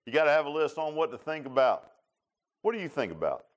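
A man's voice: on the high side, quick pace, dull audio. A man preaching a folksy sermon, joking with his congregation and calling on people by name. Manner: folksy, animated, laughing, talks to congregation by name. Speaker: pastor. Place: church sanctuary.

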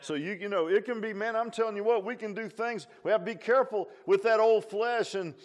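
A male pastor delivering a sermon with a fairly high-pitched voice. He talks in a homespun, conversational manner, and he keeps circling back with emphatic asides and repeated phrases. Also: a little fast. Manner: repeats himself and restarts often.

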